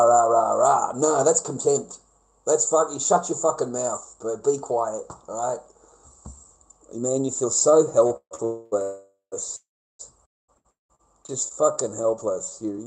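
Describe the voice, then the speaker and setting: A man with an Australian accent holds forth in a sneering, swear-filled rant, mocking the people he complains about. He stretches some words out slowly for weight, and his pitch sits in an ordinary middle register. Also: mellow, poor audio. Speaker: vlogger. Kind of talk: profane ranting monologue.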